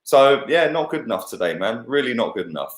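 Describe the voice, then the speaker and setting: A man talks football bluntly and heatedly, swearing freely and tagging his points with "yeah" and "bruv". His voice sits at a middling pitch and carries a roomy echo from the space around him. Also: big pitch swings, fairly quick. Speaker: co-host football pundit.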